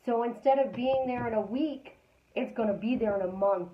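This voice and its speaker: Female life coach, slightly high voice, chatty and repetitive; roomy, muffled livestream audio. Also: moderate pace. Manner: repeats affirmations, chatty storytelling. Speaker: life coach hosting a live stream. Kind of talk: casual motivational live-stream talk.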